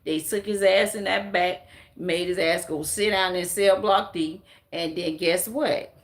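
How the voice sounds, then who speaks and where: This livestream commentator speaks to her viewers in a fairly low, fairly even voice without hurrying. Her casual stream is a blunt, emphatic rant, heavy on profanity.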